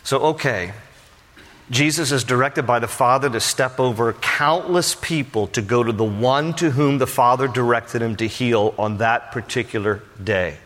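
A middle-aged man preaching a sermon as pastor, telling a story in a conversational, animated way. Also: medium pitch, moderate pace, in a large hall. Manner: conversational, animated, acts out dialogue.

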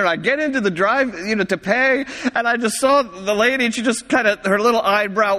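A man preaching a sermon, telling a chatty story and quick to laugh. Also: high voice, sharp tone. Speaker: pastor. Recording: long hall reverb.

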